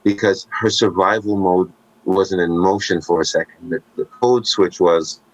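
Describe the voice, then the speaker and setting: A man co-hosting a podcast, telling stories in casual conversation with animated asides and jokes. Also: deep voice, moderate pace, lo-fi sound. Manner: animated storytelling, joking asides.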